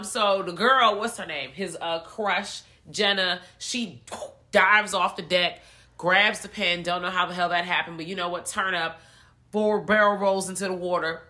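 Animated, profane woman recapping a movie. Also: lowish voice, normal speed. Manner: animated, profane storytelling with acted-out voices. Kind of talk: casual movie recap chat.

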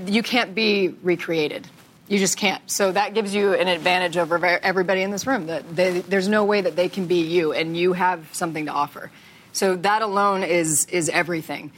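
A woman in her thirties speaking as a guest on a stage panel, candid and quick to laugh, swearing casually. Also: on the low side. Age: 30s. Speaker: actress guest at a fan panel.

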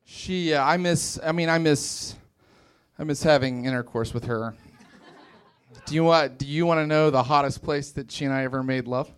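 A young man from West Virginia performs stand-up in a comedy club, spinning wry stories and acting out what people said. His voice is fairly high and smooth, moving at a normal speed.

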